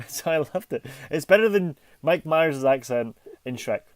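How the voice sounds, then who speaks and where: A man's voice: on the high side, lively intonation, a little slow, no room sound. A man in his thirties from the UK, co-hosting a casual podcast, joking and teasing with lots of laughter. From United Kingdom. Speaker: podcast co-host.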